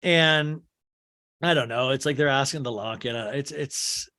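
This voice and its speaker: A man hosting a podcast, recapping a movie in a casual, animated way with lots of fillers. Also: medium pitch, normal speed. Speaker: podcast host.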